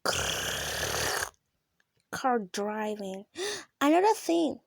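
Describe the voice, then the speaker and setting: High, slow-talking excitable woman gamer. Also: vocal fry. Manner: excitable, gasping and shrieking at close calls. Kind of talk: casual gameplay commentary.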